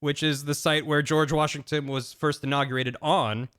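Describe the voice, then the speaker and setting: A male streamer talks through a long story in a casual, rambling way. He restarts his sentences often and laughs between them. His voice sits a little high and sounds bright and forward. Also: moderate pace, clean tone. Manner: animated storytelling. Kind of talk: casual plot recap on a live stream.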